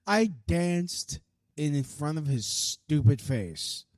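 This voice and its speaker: A man's voice: fairly high pitch, a little mellow, dry recording. A man ranting casually to camera, rambling and profane, with many fillers and restarts. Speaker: vlogger. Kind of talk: casual rant.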